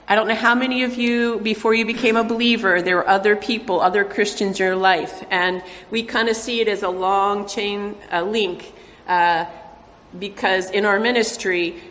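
A woman's voice: medium pitch, fairly bright tone. Hesitant woman missionary in an echoing hall. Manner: halting talk with many fillers. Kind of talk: speaking to a church congregation. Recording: long reverb of a large hall.

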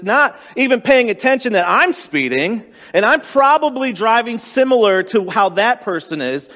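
A man's voice: high-pitched, expressive, normal speed, few pauses, a bit bright, big-room sound. A man preaching a sermon as pastor, candid and self-deprecating in a conversational way.

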